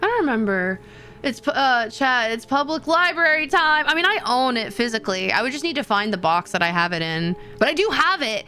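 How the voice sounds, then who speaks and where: A woman streamer chatting casually with her viewers, animated and excitable, with sudden gasps and high squeals. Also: fairly quick, soft background music. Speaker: VTuber streamer.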